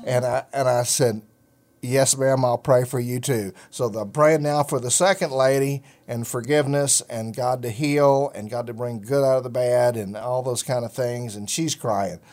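Middle-aged male show host, casual rambling storyteller, average pitch. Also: steady tone, moderate pace, darkish tone. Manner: folksy, rambling with fillers and restarts. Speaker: ministry show host telling a testimony.

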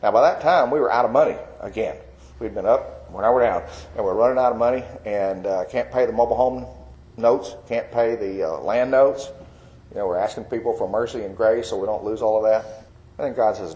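Older male, folksy testimony, lowish mellow voice, dull lo-fi sound. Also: fairly quick. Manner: folksy storyteller with many fillers. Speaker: Christian artist telling his testimony. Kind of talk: personal testimony.

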